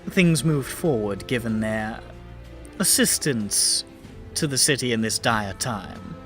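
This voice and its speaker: A man voicing Orin, a steady male ally leader in a tabletop game, talking calm and measured. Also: medium pitch, faint music behind, pitched below the performer's own voice. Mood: calm resolve.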